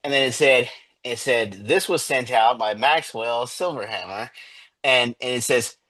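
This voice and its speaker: A man's voice: medium pitch, measured pace, pushed and bright, no echo. A man on a podcast video call who cracks jokes and laughs easily. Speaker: podcast co-host. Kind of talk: casual chat.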